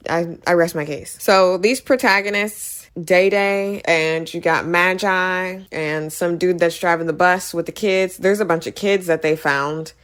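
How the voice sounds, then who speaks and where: A young woman giving an opinionated, sarcastic movie review in a casual, ranting way. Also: lowish voice.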